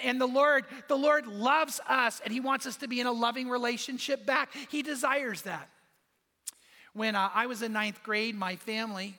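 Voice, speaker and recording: A man preaches a sermon to his congregation, leaning on repetition and acting out small stories with quoted dialogue. His voice sits high and bright. It rings with the long reverb of a large church hall. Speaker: pastor.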